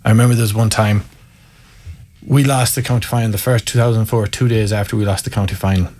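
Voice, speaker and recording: A man's voice: on the low side, fairly even intonation, quick pace, a little mellow. A man in his thirties with an Irish accent, a guest in an interview, telling candid, self-mocking stories. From Ireland. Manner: candid and self-mocking, laughs through anecdotes. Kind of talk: storytelling in an interview.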